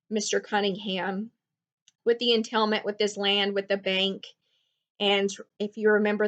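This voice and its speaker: A woman's voice: medium pitch, a bit bright. A woman teacher explaining a novel to her students, conversational and full of fillers and small restarts. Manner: conversational, recaps with frequent fillers.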